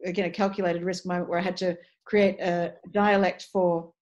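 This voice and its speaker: A woman's voice: on the low side, flat delivery, moderate pace, darkish tone, muffled recording. A middle-aged woman with an Australian accent, a voice and dialect coach talking casually and articulately in an interview, restarting phrases as she thinks aloud.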